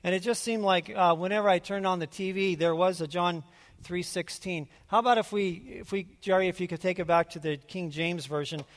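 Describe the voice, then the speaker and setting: A man preaching to a church in a relaxed, talky way, often stopping and restarting his sentences. His voice sits a little high for a man, and a long reverb trails each phrase. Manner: conversational, halting with restarts. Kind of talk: sermon with personal testimony. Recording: hall reverb.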